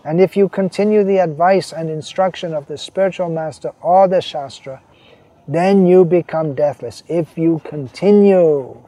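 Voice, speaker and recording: A man giving a devotional sermon, reading quotations and explaining them, slowing down to stress key phrases. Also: on the high side, dark tone. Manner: voices quoted figures, slows to stress key phrases. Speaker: preacher.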